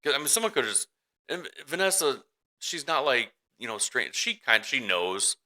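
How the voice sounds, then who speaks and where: A man's voice: mid-range voice, very animated, normal speed, pushed and bright, rough recording. A man co-hosting a casual podcast who tells a rambling story as a worried father, with many restarts and acted-out quotes. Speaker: podcast co-host. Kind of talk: casual chat.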